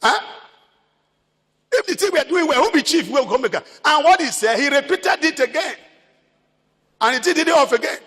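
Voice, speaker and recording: A man's voice: very high voice, animated, normal speed, long pauses, fairly bright tone, big-room sound. A Nigerian man preaching a sermon as pastor, emphatic, repeating his phrases.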